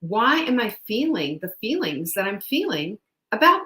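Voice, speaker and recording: A woman's voice: medium pitch, very animated, moderate pace, bright, forceful tone. A woman host and nutrition coach giving a casual motivational talk, chatty and emphatic, with laughs between her points. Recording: roomy echo.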